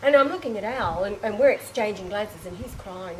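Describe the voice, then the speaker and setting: A woman's voice: mid-range voice, brisk, rough recording. A woman with a mid-range voice tells a personal story to a small group, swept along by it. She exclaims, restarts her sentences, and breaks into laughter or tears. A faint ambient hum sits behind her. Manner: animated and emotive, with frequent exclamations and restarts; laughs and tearful breaks while telling. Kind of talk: emotional personal anecdote.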